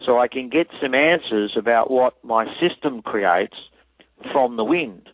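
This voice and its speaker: A man's voice: medium pitch, animated, measured pace, dry recording. A man, an acoustic engineer explaining technical details methodically in an interview. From Australia. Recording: tinny phone line.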